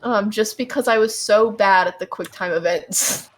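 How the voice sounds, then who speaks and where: A woman's voice: medium pitch, normal speed. A young adult woman co-hosting a gaming podcast in casual chat, rambling with lots of ums and likes. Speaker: podcast co-host.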